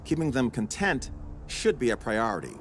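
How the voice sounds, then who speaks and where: An actor playing a cautious, serious security advisor in a video game, speaking in a measured, warning tone. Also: male voice, medium pitch, huge pitch swings, slight background noise. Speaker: park advisor character. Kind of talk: scripted game voice acting.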